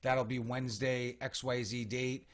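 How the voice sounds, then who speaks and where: A man who owns a salon, speaking on a panel in a conversational way with halting restarts. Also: mid-range voice, little pitch movement.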